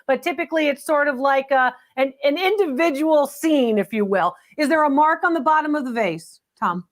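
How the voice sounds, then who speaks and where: Brief: high-pitched middle-aged woman host, upbeat, chatty antiques appraiser on a call-in show. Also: moderate pace.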